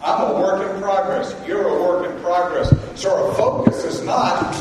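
A male pastor preaching a sermon, swinging between loud emphasis and quiet intensity. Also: high voice, a little slow, hardly any pauses, noisy background. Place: large church hall. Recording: echoey hall from far off.

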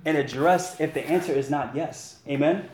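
A man's voice: a little high, moderate pace, a little mellow, reverberant, slight background noise. A man leading a men's Bible study, preaching earnestly in a conversational way and asking his listeners to respond. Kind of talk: sermon.

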